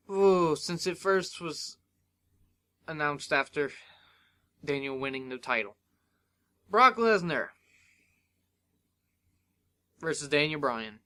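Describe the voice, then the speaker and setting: A young man hosts his own review podcast, his voice sitting a bit higher than most men's. He tells the story in an excitable, animated rush, sprinkling in fillers and restarts. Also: smooth. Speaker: podcast host. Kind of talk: solo wrestling review podcast.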